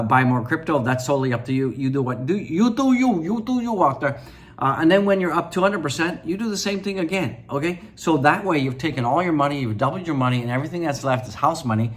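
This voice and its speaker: A man hosting a crypto channel from his apartment, giving casual market commentary in a rambling, slangy way, full of fillers and repeats. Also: mid-range voice.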